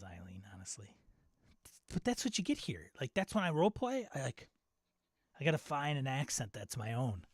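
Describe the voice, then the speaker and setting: A man's voice: medium pitch, no echo, studio quality. A middle-aged man from Wisconsin hosting a casual live-stream chat, rambling and nostalgic, often laughing at himself. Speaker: channel host.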